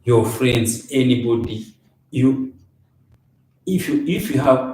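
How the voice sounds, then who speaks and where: A man's voice: mid-range voice, slow pace, pauses often, a little mellow. A middle-aged man, a father co-hosting a podcast, giving earnest advice and repeating himself. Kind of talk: casual advice chat. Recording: echoey room, far from the mic.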